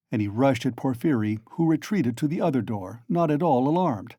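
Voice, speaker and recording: A man narrating a classic novel as an audiobook in a measured storytelling manner. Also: medium pitch, lively intonation, mellow, dry recording, clean studio sound. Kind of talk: scripted narration.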